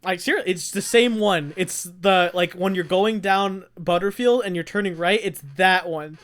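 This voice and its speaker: A young adult podcast co-host telling a rambling, animated story in casual chat, often laughing. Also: medium pitch, moderate pace.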